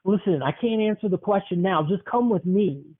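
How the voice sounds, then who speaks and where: A man's voice: high-pitched, moderate pace, voice pushed up. A young man voicing a desperate adult male stranger who pushes and pleads for help, in a story he is making up. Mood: insistent. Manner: insistent, pushy, then pleading. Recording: tinny phone-like sound.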